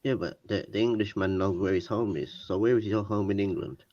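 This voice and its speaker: A man co-hosting a podcast, probing his partner with dry, needling questions. His voice sits fairly low, and the recording sounds muffled and lo-fi. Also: fairly quick, darkish tone. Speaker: podcast co-host. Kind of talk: casual chat.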